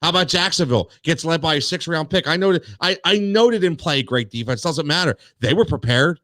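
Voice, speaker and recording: Sports talk host, man, fired-up rant, higher voice, dry close sound. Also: lively intonation, brisk, pushed and bright, dry recording. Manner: worked up, repeats words, many restarts.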